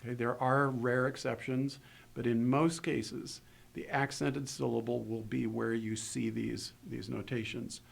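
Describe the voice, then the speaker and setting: A man giving a recorded lesson on grammar, explaining step by step in a measured way with pauses. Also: medium pitch, level tone, gravelly, breathy edge. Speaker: Hebrew grammar instructor. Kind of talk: recorded lecture.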